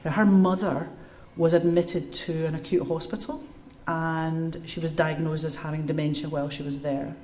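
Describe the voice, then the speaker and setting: Speaking in a low voice at a moderate pace with few pauses, this woman addresses a live audience in a public lecture and takes questions. Her delivery is lively storytelling with step-by-step explanation, and the echoey recording carries slight background noise.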